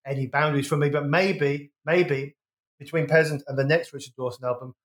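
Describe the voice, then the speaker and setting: Hesitant man with a higher voice. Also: fairly even intonation, brisk. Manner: hesitant, restarts often, thinks aloud. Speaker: podcast co-host. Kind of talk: casual music review chat.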